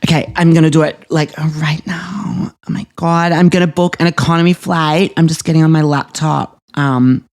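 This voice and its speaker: A man's voice: a little high, steady tone, normal speed, few pauses, a little mellow, natural voice. A man voicing a spoiled, dramatic young Australian woman who gushes, gasps and swears through a comedy podcast monologue. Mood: giddy. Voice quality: gushing, breathless, swears constantly, lots of gasps. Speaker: podcast host character.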